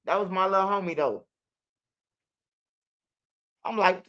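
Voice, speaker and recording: A man's voice: sits high, normal speed, pauses often, pushed and bright, clear, resonant tone, dull audio. A young man with a Chicago accent telling street stories in loose, profane casual talk. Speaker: interviewee. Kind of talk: casual storytelling.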